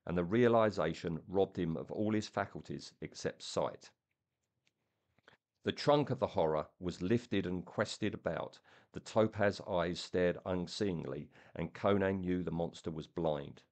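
A man with a deep, low voice reads a fantasy tale aloud and then talks about it eagerly. His speech stumbles now and then as he restarts his sentences. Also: darkish tone. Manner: enthusiastic, halting. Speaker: comic and book reviewer. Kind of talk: reading aloud and casual chat.

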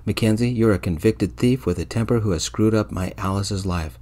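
A man voicing a cold, domineering rich man, deep. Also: a little fast, dark tone, natural voice. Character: stern, controlling rich older man. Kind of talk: soft-spoken ASMR storytelling.

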